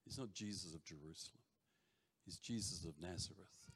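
A man preaching a sermon to a congregation, swinging between loud shouts and quiet near-whispers, with joking asides. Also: low voice, moderate pace, breathy edge. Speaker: pastor. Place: church hall before a congregation. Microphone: handheld or stage mic.

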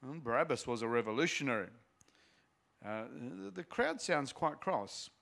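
A man's voice: mid-range voice, lively intonation, normal speed, gravelly, fairly bright tone. Casual man reading scripture with commentary. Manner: casual, explanatory asides. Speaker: Bible teacher.

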